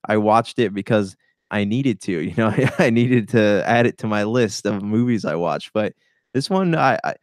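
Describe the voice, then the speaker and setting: Low-voiced relaxed dude chatting about movies, lots of uh and man, dry sound. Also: normal speed, no echo. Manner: laid-back, hesitant, many "uh" and "man". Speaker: movie podcast co-host. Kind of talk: casual movie review chat.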